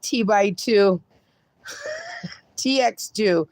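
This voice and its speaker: A woman's voice: fairly high pitch, wildly swooping pitch, very slow, darkish tone, no room sound. A woman hosting a casual livestream, reading viewer comments aloud and chatting, swearing freely. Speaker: livestream host reading chat.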